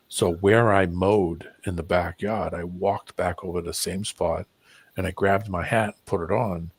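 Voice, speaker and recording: Husky low-voiced man telling stories. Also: fairly even intonation, measured pace, dry recording. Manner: storyteller who acts out voices, swears casually. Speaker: stream host. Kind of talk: casual chat.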